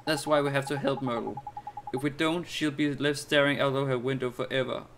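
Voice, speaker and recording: A man's voice: mid-range voice, steady tone, brisk, background noise, lightly acted. A man doing an earnest young boy hero. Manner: earnest, sincere, eager. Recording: game music behind the voice.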